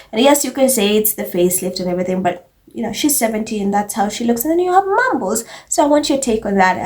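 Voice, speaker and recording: Woman commentator, casual and sarcastic, voice sits a bit high. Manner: chatty, animated, sarcastic asides. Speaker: commentary vlogger.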